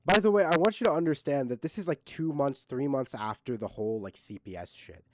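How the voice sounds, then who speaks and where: A man's voice: mid-range voice, a little fast, very noisy. A man streaming, giving casual reaction commentary in heated, mocking, profane rants.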